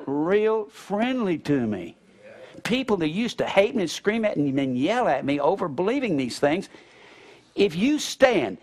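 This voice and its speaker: A middle-aged man, preaching a sermon in church in a folksy storytelling way, acting out other people's words and swinging between loud and soft. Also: medium pitch. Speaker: pastor.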